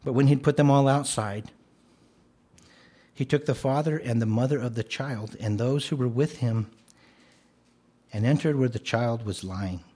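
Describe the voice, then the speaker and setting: A man with a husky, slightly breathy voice preaches an earnest sermon. He explains scripture plainly, then rises to forceful declarations before easing back to a gentle tone. His pitch sits in a normal middle range. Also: unhurried, long pauses. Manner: earnest, rises to emphatic commands then drops soft.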